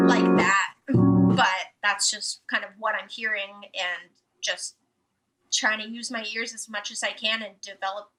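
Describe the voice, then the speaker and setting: A woman's voice: medium pitch, rough recording. A young woman, a musician guest on a podcast, speaking casually and hesitantly with many fillers as she searches for words. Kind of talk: casual conversational interview.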